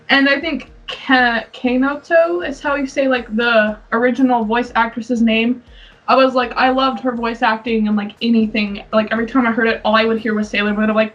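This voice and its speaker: A woman's voice: on the high side, normal speed, a bit bright, recorded from a distance. A young woman co-hosting a casual podcast, rambling and giggling as she chats. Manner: giggly, rambling, often breaks into laughter. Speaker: podcast co-host. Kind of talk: casual chat. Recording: dull lo-fi sound from off mic, faint music.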